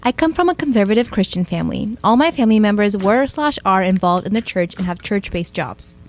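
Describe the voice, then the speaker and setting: A woman reading forum posts aloud in a quick, steady read-aloud delivery. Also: mid-range voice, a little hiss or hum.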